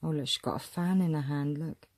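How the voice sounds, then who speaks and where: A woman chatting casually as she shows a photo collection, musing aloud and often clearing her throat. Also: low voice, a little fast, darkish tone, no echo. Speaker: vlogger showing a photo collection. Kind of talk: casual show-and-tell commentary.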